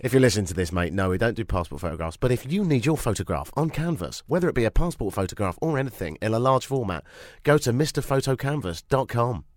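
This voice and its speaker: British man with a cold, lively banter. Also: mid-range voice, fast talker, hardly any pauses, no echo. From Britain. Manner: chatty, self-mocking banter. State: has a cold, sniffly. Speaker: radio show host. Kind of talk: radio talk show chat.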